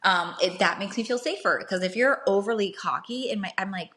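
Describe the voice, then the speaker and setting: A woman's voice: mid-range voice, brisk, bright, forceful tone. A young woman hosting casual dating advice talk for a live audience, chatty, often checking in with "right?" and acting out short bits of dialogue.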